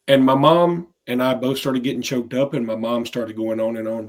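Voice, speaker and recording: A man with a drawl co-hosts a casual sports podcast. He talks in a rambling, anecdotal way and often restarts his sentences. His voice sits at a middling pitch. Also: fairly quick, few pauses. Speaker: podcast co-host.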